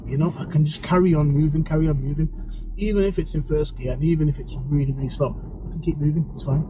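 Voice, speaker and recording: A male driving instructor with a mixed English accent tinged with Birmingham, giving relaxed, chatty commentary and explaining each step as he drives. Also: a little high, quick pace. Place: inside a moving car. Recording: car engine and road noise.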